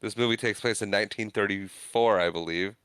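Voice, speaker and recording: A man's voice: on the low side, fairly quick, fairly bright tone, smooth, no echo. A man co-hosting a podcast, chiming in with short questions and dry remarks in casual film talk. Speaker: podcast co-host.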